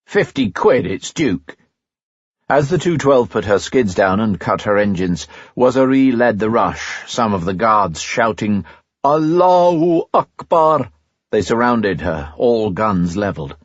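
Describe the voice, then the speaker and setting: A man reading a novel aloud as an audiobook narrator in a steady, even way. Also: on the low side, unhurried, few pauses, no room sound, lo-fi sound. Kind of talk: scripted narration.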